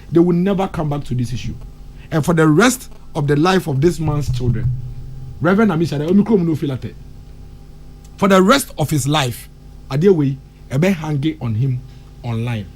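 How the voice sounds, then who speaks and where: A man's voice: fairly high pitch, a little mellow, husky. A Ghanaian man with a Ghanaian accent commenting on a morning radio talk show, impassioned, switching between English and Twi and repeating phrases for emphasis. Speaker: radio discussion panelist.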